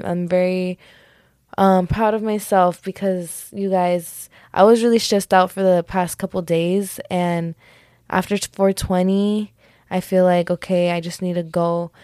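A woman's voice: lowish voice, darkish tone, smooth, dry recording, studio quality. A young woman hosting a solo podcast in a casual, rambling way, often correcting herself and laughing things off as jokes. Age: young adult. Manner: rambling, giggly, self-correcting, lots of "like" and "just kidding". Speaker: podcast host.

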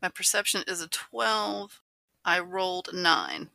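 A woman playing a character in a tabletop game, speaking slowly and deliberately. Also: on the low side, sing-song, gravelly, sharp tone, dry recording. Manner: slow, deliberate, acts out her character's moves. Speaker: player. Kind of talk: tabletop role-play.

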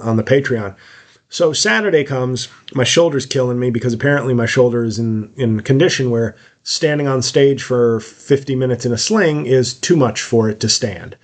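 A man hosting his own podcast and talking through a personal story in a loose, rambling monologue. His voice sits in an ordinary middle range. He keeps breaking off into fillers and restarts as he goes. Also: medium pitch. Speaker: podcast host, comedian. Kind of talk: casual monologue.

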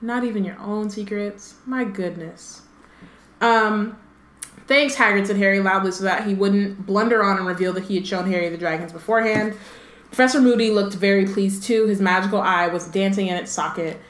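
A woman's voice: medium pitch, fairly even intonation, fairly quick, echoey room. A woman co-hosting a casual book podcast, chatting with lots of fillers and reading passages aloud.

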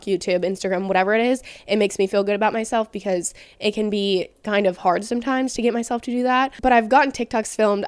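On her own laid-back podcast, a young adult woman talks openly, peppering her speech with "like." She has a mid-range voice, recorded with no echo.

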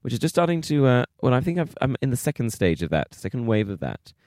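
A man's voice: mid-range voice, sing-song, fast talker, a little mellow, no room sound, clean studio sound. A man co-hosting a podcast in casual chat, playful and teasing, laughing often. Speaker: podcast co-host.

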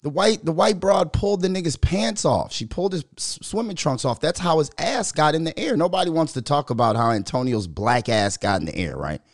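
A man hosting his own podcast, talking sports in a loose, profane style, often laughing and getting loud. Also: on the high side, fairly quick, few pauses, no room sound, studio quality. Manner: loud, animated, laughing, swears a lot. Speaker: podcast host. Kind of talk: casual profane sports commentary.

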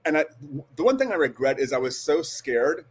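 A man's voice: a little high, sing-song, fairly quick. A man in his forties, a guest, earnestly telling a personal story with frequent restarts and hesitations. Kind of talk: storytelling interview.

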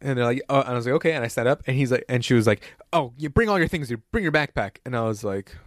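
Young man, quick swearing storyteller, dry sound. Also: medium pitch, expressive, no room sound. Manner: profane, acts out quoted voices. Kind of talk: casual storytelling chat.

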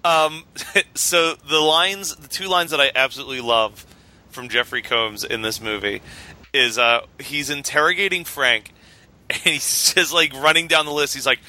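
A man's voice: on the high side, animated, moderate pace, pushed and bright. A man co-hosting a casual movie chat, laughing often and quoting lines from films. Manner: laughs often, quotes film lines in put-on voices. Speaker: podcast co-host.

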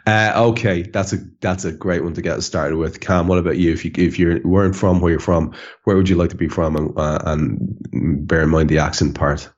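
An Irish man hosting a casual podcast chat, relaxed, stumbling over and repeating words. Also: sits low, moderate pace, hardly any pauses, lo-fi sound. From Ireland. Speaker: podcast host.

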